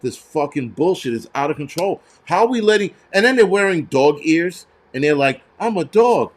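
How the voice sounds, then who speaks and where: A man's voice: a little high, lively intonation, normal speed. A man hosting a show, ranting heatedly with lots of swearing and stumbling restarts. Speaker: host. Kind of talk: profane ranting commentary.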